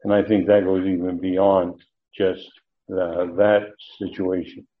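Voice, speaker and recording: A man with a fairly low voice leads a verse-by-verse Bible study, pausing often on fillers and restarting his sentences. The sound is thin and tinny, as over a phone line. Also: flat delivery. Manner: halting, frequent fillers and restarts. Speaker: Bible teacher.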